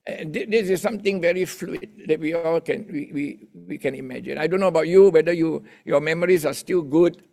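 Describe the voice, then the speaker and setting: A man's voice: fairly high pitch, brisk, gravelly, few pauses, warm tone. A male pastor preaching a sermon in a chatty way, often restarting his sentences and getting the congregation to talk to their neighbors.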